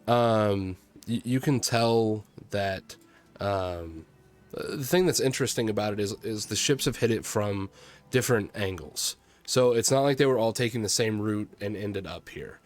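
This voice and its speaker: Male gm, young adult, lowish voice, halting delivery full of ums and chuckles. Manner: halting, many fillers, laughs often. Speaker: game master. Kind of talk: narrating a tabletop game.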